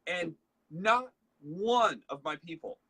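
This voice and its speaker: A man's voice: sits high, expressive, slow pace, pushed and bright, breathy edge. A man, hosting a casual leadership talk and telling a story in a chatty way, acting out bits of dialogue. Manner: chatty storyteller, acts out dialogue, many fillers. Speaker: host.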